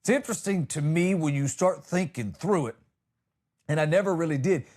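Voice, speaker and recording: An American man talks through a comedy podcast monologue, his voice sitting a bit higher than most men's. He wanders from story to story in a loose, rambling way and keeps dropping jokey asides. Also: normal speed, darkish tone. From United States.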